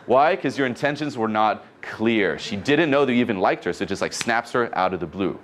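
A man coaching an audience on dating, talking in an animated way and acting out conversations. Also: on the low side, brisk, a little hiss or hum.

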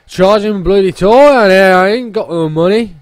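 A man voicing a rough, broke tavern regular who grumbles and swears, with gasping breaths between words. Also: sits high, moderate pace, no room sound, natural voice. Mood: grumbling.

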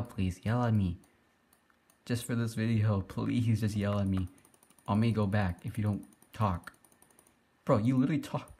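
A young man giving excitable, giggly play-by-play commentary as he teases other players in an online game. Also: lowish voice, slight background noise. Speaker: gaming YouTuber. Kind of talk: casual Let's Play commentary.

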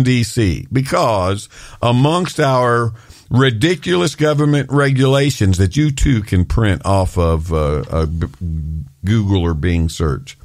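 Gravelly-voiced American podcast host ranting. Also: male voice, mid-range voice, no room sound, studio quality. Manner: animated, excitable ranting about rules. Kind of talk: solo podcast monologue with live viewers.

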